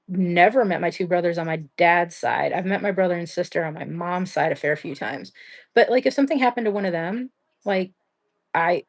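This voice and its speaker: A young adult woman with a voice on the low side hosts a livestream, telling a true-crime story. She's blunt and rambling, saying "like" constantly and swearing casually.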